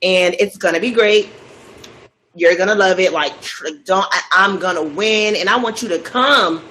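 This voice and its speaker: A woman's voice: medium pitch, moderate pace, pushed and bright, slight background noise, close to an everyday voice, low-quality recording. A woman voicing a boastful, touchy man who begs for money and turns pleading.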